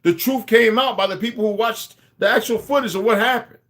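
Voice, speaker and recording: A man's voice: sits high, fairly quick, fairly bright tone. A man talking to his viewers in a rambling, casual monologue, drifting between asides and restarting his sentences. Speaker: vlogger.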